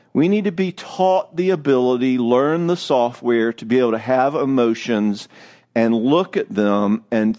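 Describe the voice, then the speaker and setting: A man's voice: medium pitch, darkish tone. A middle-aged man giving a church marriage seminar, a joking, self-deprecating storyteller. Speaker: marriage speaker.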